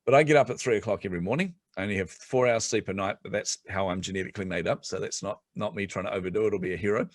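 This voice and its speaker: A middle-aged man chatting on a podcast as a guest, telling animated stories and laughing often. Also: fairly low pitch, very fast, hardly any pauses, dry recording, clean studio sound. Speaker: guest entrepreneur. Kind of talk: casual podcast chat.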